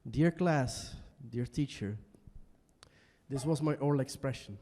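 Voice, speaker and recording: A man's voice: mid-range voice, measured pace, big-room sound, a little hiss or hum. Young man in a raw solo monologue. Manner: emotional, shifts between quiet and shouting. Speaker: stand-up performer. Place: small basement venue.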